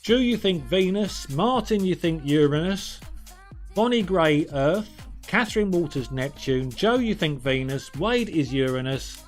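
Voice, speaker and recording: A man's voice: fairly high pitch, lively intonation, unhurried, soft background music. A man hosting a live-streamed quiz in a chatty, jokey way, reading out viewers' answers by name. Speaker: quiz host.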